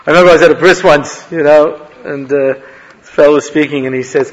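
A male rabbi giving a humorous Torah lecture, an animated storyteller who laughs at his own jokes. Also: a little high, fast. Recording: long reverb of a hall.

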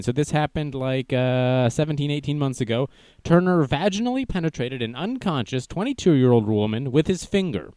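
A man's voice: medium pitch, expressive, moderate pace, darkish tone, no room sound. A young man hosting a casual livestream news show, joking and self-deprecating as he goes. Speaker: news stream host.

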